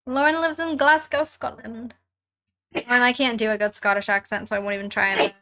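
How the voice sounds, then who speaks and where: A woman's voice: on the high side, fairly even intonation, fairly quick, pushed and bright. A young woman hosting a casual live stream from home while crafting, chatting with viewers and reading their comments aloud in a bubbly way, laughing often.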